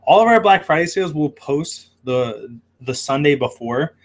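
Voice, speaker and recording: A man's voice: fairly high pitch, animated, normal speed. A man who runs a shrimp shop, hosting a casual livestream with lots of fillers as he reads viewer comments aloud. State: hiccuping.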